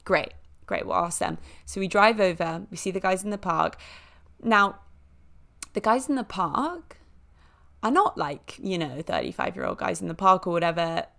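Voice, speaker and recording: A woman hosting a podcast, telling a story in a chatty, animated way with lots of fillers and small impressions of other people. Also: medium pitch, moderate pace, vocal fry. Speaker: podcast host. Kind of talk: casual storytelling.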